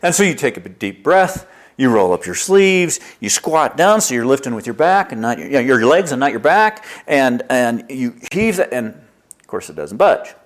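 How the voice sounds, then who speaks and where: A man preaching a sermon, lively and storytelling, acting out little dialogues as he explains a passage. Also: medium pitch, normal speed. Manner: lively preaching, acts out dialogue with God in his stories. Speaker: pastor.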